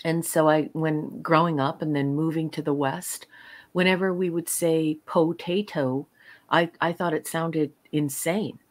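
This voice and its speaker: A woman's voice: low-pitched, flat delivery, a little slow. A woman guest in a casual chat, explaining at length with many hesitations. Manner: rambling, many ums and uhs, explanatory.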